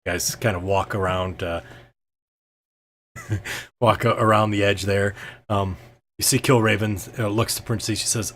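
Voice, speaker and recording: A man's voice: on the low side, steady tone, a little slow, long pauses, a bit bright, a little hiss or hum. A man narrating as game master of a tabletop game, casual and full of fillers.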